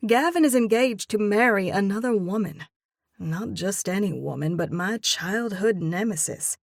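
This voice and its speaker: A woman's voice: medium pitch, normal speed, creaky, no room sound, clean studio sound. A woman narrating a first-person romance audiobook expressively, voicing the heroine's own lines as she goes. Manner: expressive, reads in character as heroine.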